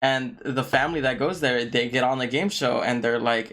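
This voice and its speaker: Podcast co-host, casual chat, eager reactions, mid pitch. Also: normal speed, fairly bright tone. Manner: eager interjections and comparisons.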